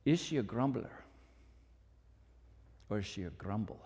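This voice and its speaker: A preacher dropping into a deep burr for a gentle old mentor, patient and quietly teasing. The voice rings in a large hall with a long tail. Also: male voice, expressive, a little slow, husky.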